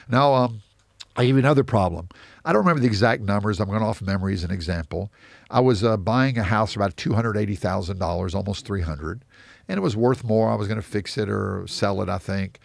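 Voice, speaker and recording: Animated man with a gravelly low voice. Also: quick pace, no echo, studio quality. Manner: animated anecdotes with quoted dialogue. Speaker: real estate investor guest. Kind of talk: storytelling interview.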